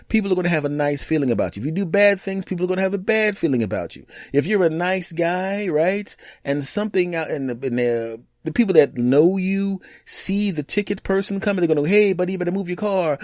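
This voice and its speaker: A man hosting his own podcast, telling stories in a casual monologue and acting out other people's lines in quick put-on voices. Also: a little high, a little mellow, dry recording, clean studio sound. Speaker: podcast host.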